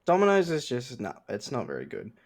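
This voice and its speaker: A young man, telling animated stories and swearing often on a casual podcast. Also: mid-range voice, brisk, creaky. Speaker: podcast host. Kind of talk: casual chat.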